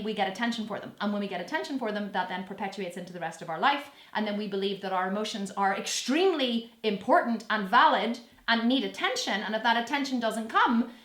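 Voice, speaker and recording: This woman in her thirties runs a fitness vlog and responds to viewer questions in a casual on-camera chat. Her mid-range voice is a bit bright and reverberant as she talks bluntly and sassily, swearing freely and doing playful impressions of people.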